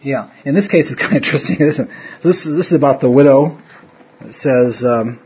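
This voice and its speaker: A man's voice: mid-range voice, a little fast, husky. Rambling man teaching a Bible study. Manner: rambling, self-interrupting, chuckles often. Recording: dull lo-fi room recording.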